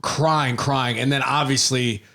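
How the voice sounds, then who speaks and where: A man's voice: mid-range voice, takes it slowly. A man appearing as a guest on a podcast, retelling a story in casual chat, quoting characters with many fillers. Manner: animated retelling, quotes characters, hesitant fillers.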